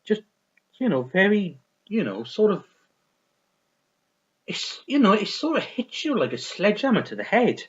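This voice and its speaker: A man's voice: sits high, sing-song, moderate pace, long pauses, fairly bright tone. A man chatting casually about records he bought, rambling and repetitive, swearing freely and full of enthusiasm, on a lo-fi recording. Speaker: vinyl record reviewer. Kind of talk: casual unscripted chat.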